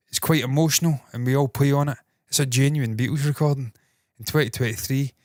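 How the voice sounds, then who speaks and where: A man's voice: mid-range voice, no room sound. Male host with a put-on Scottish accent, mid-range voice, loose sweary commentary, slight chesty cough, dry room. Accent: mock Scottish, put on. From Britain. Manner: swears freely, rambling and enthusiastic. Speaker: entertainment news host. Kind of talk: casual news commentary.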